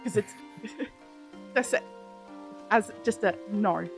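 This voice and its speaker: A woman's voice: medium pitch, takes it slowly, creaky, soft background music. A woman from Australia with an Australian accent, streaming and chatting playfully, laughing often. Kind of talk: casual chat while gaming. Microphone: desk mic.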